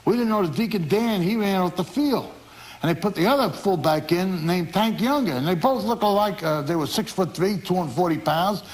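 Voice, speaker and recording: Man, high voice, animated storyteller, interview anecdote, mimics others. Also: normal speed. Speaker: former football player interviewed.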